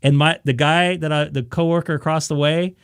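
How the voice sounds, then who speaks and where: A man's voice: fairly high pitch, fairly quick, clear, resonant tone, dry recording, studio quality. A man on a ham radio live stream, casually telling a story and acting out his own reactions. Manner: animated, acts out his own reactions, many restarts.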